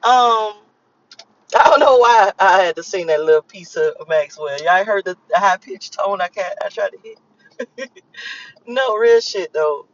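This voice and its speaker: In a slightly lo-fi recording, a thirtysomething Miami woman vlogs a casual rant at her viewers, swearing, emphatic, and saying things over again for emphasis. She has an expressive mid-range voice and talks a little slowly.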